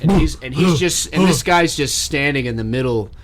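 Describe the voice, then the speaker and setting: A man's voice: a little high, normal speed, a crowd in the background. A man co-hosting a casual comedy podcast, swearing freely and telling absurd bits while tipsy from vodka. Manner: animated, swearing, joking storyteller. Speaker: podcast co-host.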